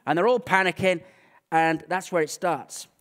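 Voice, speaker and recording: A man with an English accent preaching a sermon, telling Bible stories with animated, acted-out energy. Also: high-pitched, moderate pace. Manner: animated storytelling, acting out scenes. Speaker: pastor.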